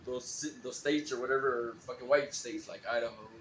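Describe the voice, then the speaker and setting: A man's voice: mid-range voice, steady tone, brisk, a bit bright, reverberant, a little hiss or hum. A man rambling through a profane, laugh-filled story on a live stream.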